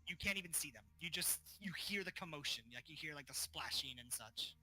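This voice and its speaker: A man's voice: fairly high pitch, expressive, brisk, sharp tone, breathy edge. A man narrating as game master of a tabletop game, casual and full of fillers. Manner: casual, filler-heavy narration with voiced characters.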